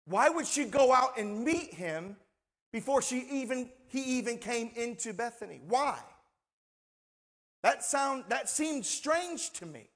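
A man preaching a sermon and reading scripture aloud, slow and emphatic, asking his listeners rhetorical questions. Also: very high-pitched, sing-song, a bit bright. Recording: long reverb in a large hall.

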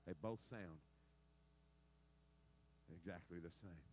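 A middle-aged man preaching a sermon, telling stories dramatically and swinging between loud outbursts and quiet, low stretches. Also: a little fast, rough recording. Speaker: pastor.

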